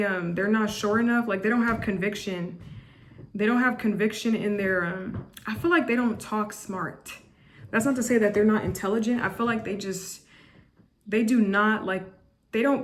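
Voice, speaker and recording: With slight background noise, a mid-range female voice does a casual on-camera tarot reading. She keeps repeating and restarting herself, leans on "like" and other fillers, and stays chatty while being blunt and judgmental.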